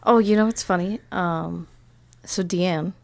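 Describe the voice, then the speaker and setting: A woman's voice: fairly low pitch, fairly even intonation, measured pace, vocal fry, no echo. A woman co-hosting a podcast in casual chat, chiming in with short agreements and saying "dude.". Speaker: podcast co-host.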